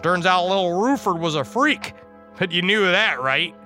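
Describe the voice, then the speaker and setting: A man voicing a gossipy male coworker from sales with a sly, hushed delivery. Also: high voice, animated, moderate pace, soft background music.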